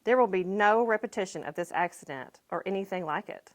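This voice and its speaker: A woman's voice: mid-range voice, lively intonation, brisk, close to an everyday voice. A woman voicing a stern scolding father. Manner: firm, lecturing. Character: stern middle-aged father scolding his son.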